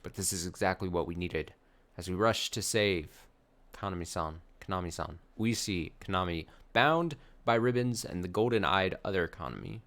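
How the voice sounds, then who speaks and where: A man's voice: low voice, lively intonation, moderate pace, fairly bright tone. A man streaming a video game, reading the dialogue aloud with sarcastic, laughing asides. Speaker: let's play streamer.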